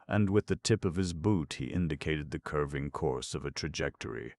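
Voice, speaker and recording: A man narrating a classic novel in a measured, even reading. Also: a bass voice, dry recording, studio quality. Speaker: audiobook narrator. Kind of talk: scripted narration.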